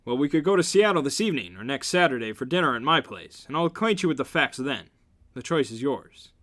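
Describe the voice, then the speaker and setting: A man reading aloud and voicing a smug, controlling rich businessman in a low, teasing, drawn-out way. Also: animated, fairly bright tone, close to an everyday voice. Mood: insistent.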